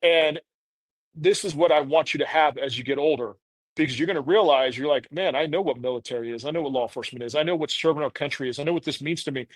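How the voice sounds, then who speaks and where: A man's voice: fairly high pitch, fast, no room sound. A man in his thirties, a podcast guest, telling a candid personal story in an earnest, rambling way full of "you know".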